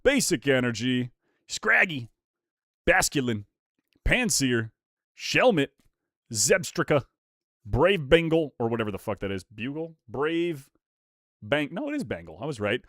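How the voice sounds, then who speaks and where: A young man in his twenties streaming casual chat while opening trading card packs, excitable and swinging from mumbled asides to loud hyped yells. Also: mid-range voice, unhurried, long pauses, dry recording, clean studio sound.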